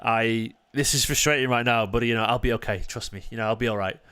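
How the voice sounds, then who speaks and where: A man hosting a live football watchalong, sarcastic and defensive as he talks back to viewers in the chat, moving from low mutters to sharp raised outbursts. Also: steady tone, quick pace, smooth. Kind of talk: live-stream match commentary and chat replies.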